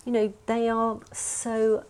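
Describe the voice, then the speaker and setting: A woman's voice: a little high, monotone, slow pace, a little mellow, clear, resonant tone. A woman co-hosting a podcast, speaking earnestly in casual conversation and laughing readily. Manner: earnest, opinionated about dog welfare, laughs readily. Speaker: podcast host. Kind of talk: casual chat.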